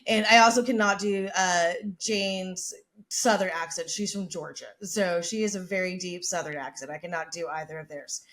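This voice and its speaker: A woman's voice: fairly low pitch, normal speed, fairly bright tone. A woman podcast host telling a story in a brash, chatty, profane way. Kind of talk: casual storytelling.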